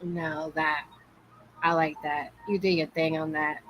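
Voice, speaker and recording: A woman's voice: deep voice, level tone, a little slow, a bit bright. A woman hosting a casual interview, upbeat and encouraging, with plenty of slang. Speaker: interview host. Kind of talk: casual chat.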